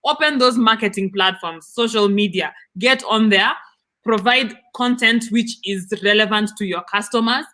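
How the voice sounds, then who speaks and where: A woman's voice: medium pitch, normal speed, sharp tone. A woman, co-hosting a casual business chat and stressing her points by repeating them. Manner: emphatic, repeats key points. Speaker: co-host, business adviser.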